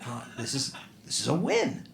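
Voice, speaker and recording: A male stand-up comedian on a comedy club stage, talking conversationally and building to loud exasperated outbursts. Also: medium pitch, huge pitch swings, moderate pace, creaky. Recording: echoey club room with noisy ambience. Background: audience laughter.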